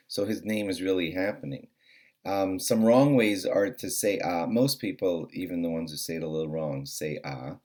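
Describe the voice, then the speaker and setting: Deep-voiced man teaching a short religious lesson. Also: darkish tone. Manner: earnest, repeats key points slowly and deliberately; casual with fillers. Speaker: host teaching daily Jewish law. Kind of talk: short spoken halacha lesson.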